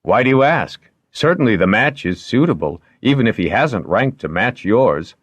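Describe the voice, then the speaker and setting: Man voicing a calm, wry older guardian. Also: mid-range voice, normal speed, breathy edge, no room sound, voice pushed up. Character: older man, placid, dry guardian and lord.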